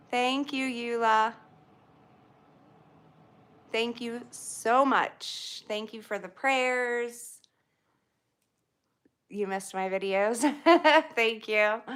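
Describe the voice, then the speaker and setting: Chatty lady on a livestream, bright voice, slow easy pace, keeps laughing. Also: fairly high pitch. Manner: chatty, greets viewers by name, laughs often. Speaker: livestream host. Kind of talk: casual livestream chat.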